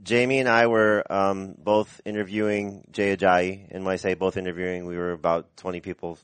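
A man co-hosting a sports podcast, telling an anecdote in a relaxed way. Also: low voice, a little fast, clear, resonant tone, no room sound. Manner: relaxed storyteller, with fillers. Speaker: podcast co-host.

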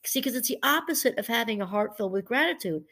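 A middle-aged woman, a professor, talking casually and warmly about gratitude, rambling a little and laughing through her stories. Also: on the high side, expressive, fast talker. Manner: chatty, rambling, laughs while telling stories. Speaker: professor and podcast host. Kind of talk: casual motivational talk.

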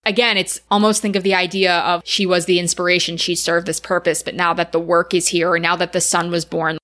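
A woman with a bright, forceful voice pitched a little low, talking through a movie's plot in a loose, animated way. She leans on filler words and keeps the story moving. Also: brisk. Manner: animated retelling, frequent "like" fillers. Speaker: podcast co-host. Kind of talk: casual film recap chat.

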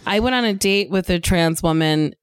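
A woman guest on a podcast in casual chat, animated and self-deprecating, laughing easily. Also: fairly low pitch, normal speed, smooth, no room sound, studio quality.

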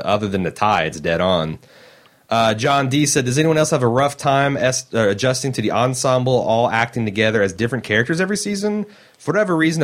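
Wry, joking male podcast host. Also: on the low side. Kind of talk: casual chat, reading listener feedback.

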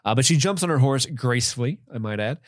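A man's voice: medium pitch, animated, fast talker, dry recording, clean studio sound. A man co-hosting a podcast, casually recapping comedy scenes and laughing along. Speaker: podcast co-host. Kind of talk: casual film review chat.

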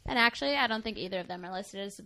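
A woman's voice: mid-range voice, very fast. A young woman, chatting candidly as a podcast co-host, full of fillers and playful asides. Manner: candid, chatty, animated storytelling with many fillers. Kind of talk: casual chat.

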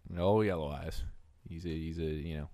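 A man's voice: rumbling low, moderate pace, dark tone, dry recording. A young man hosting a podcast, telling a story in a rambling, casual way with lots of fillers and swearing. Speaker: podcast host.

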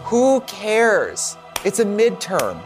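A man's voice: high voice, wildly swooping pitch, extremely slow, soft background music. A man co-hosting a comedic chat show, campy and playful, from Wisconsin. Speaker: co-host.

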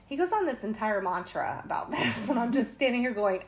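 A vlogger tells a travel story in casual, chatty talk, her medium-pitched voice expressive, a little fast, and hardly pausing. She laughs now and then and quotes others in passing, with faint background noise present.

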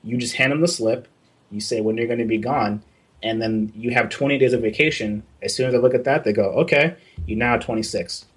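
Here a young artist chats about working abroad in a fairly quick, slightly rough voice of medium pitch. The telling is animated, full of swearing, with the quoted dialogue acted out.

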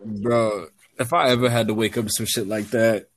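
A man's voice: fairly low pitch, fairly even intonation, normal speed. A young man chatting with friends, cutting in with blunt jokes. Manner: blunt, joking interjections. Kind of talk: casual chat with friends.

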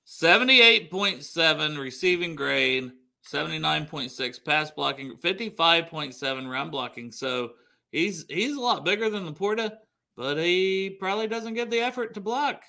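A man on a casual sports podcast, with a sharp, tense, very bright voice. His pitch moves a lot, and he talks in a teasing, skeptical way. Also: lively intonation, moderate pace, gravelly. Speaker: podcast co-host.

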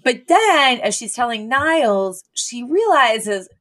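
A woman's voice: on the high side, slow. A woman co-hosting a podcast, recapping an episode in casual chat and acting out the characters' lines as she goes. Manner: animated retelling, mimics characters' lines. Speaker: podcast co-host.

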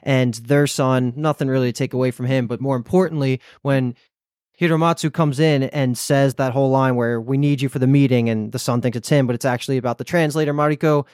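A podcast co-host recaps a series in an animated, loose way, peppering his talk with "like". His voice sits at a middle pitch. It is recorded close and dry. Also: a little fast, no room sound. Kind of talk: casual chat.

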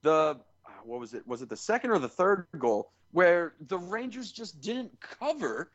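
Animated man ranting in casual sports talk. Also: high voice, normal speed, lo-fi sound. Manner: animated, ranting with sarcastic asides. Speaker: podcast co-host.

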